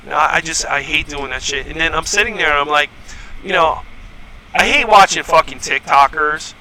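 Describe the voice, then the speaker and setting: A man holds forth on a casual podcast, swearing freely and getting worked up. His voice sits high for a man and sounds sharp and tense. A faint hum of noise runs underneath. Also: a little fast, low-quality recording. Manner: profane, heated storytelling. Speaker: podcast host. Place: home podcast setup.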